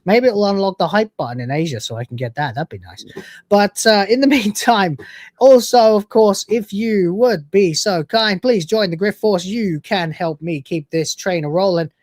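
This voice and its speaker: A man's voice: high-pitched, lively intonation, moderate pace, no room sound, clean studio sound. A man hosting a casual livestream, joking crudely while reading out donations, his throat still sore from being sick. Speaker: livestream host.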